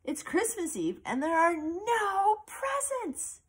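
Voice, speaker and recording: A woman voicing an excited little girl who calls out in a high, urgent voice. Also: slow pace, exaggerated voice. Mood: frantic.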